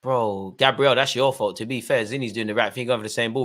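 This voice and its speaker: A young man giving excitable live commentary on a football match, shouting at players and the referee. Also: medium pitch, fast talker, hardly any pauses. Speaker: football fan channel host.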